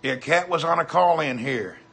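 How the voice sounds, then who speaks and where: Southern guy on a livestream, folksy and chatty, husky voice, kinda high. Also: moderate pace, a bit bright. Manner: folksy, chatty, greets viewers by name. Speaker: livestream host. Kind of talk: casual livestream chat reading comments.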